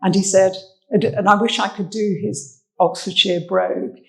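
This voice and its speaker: A woman's voice: medium pitch, fairly even intonation, normal speed, gravelly, fairly bright tone, rough recording. An English woman, a social history researcher, giving a chatty, anecdotal armchair talk about old photographs, with fillers. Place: indoor talk venue.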